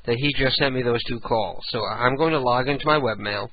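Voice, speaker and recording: A man's voice: medium pitch, brisk, slight background noise. A man hosting a live show, chatting casually about calls and messages. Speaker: radio show host. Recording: dull lo-fi recording.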